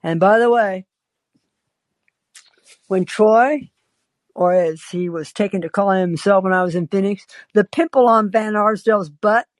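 A woman's voice: mid-range voice, measured pace, pauses often, no room sound. A woman podcast host telling a story and chatting in a wry, self-interrupting way. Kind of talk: storytelling and call-in chat.

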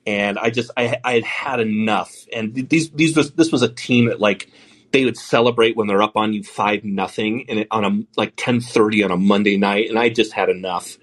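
A man's voice: on the low side, moderate pace. Casual, profane middle-aged male host. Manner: loose, profane, self-interrupting. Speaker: podcast host. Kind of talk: casual call-in chat.

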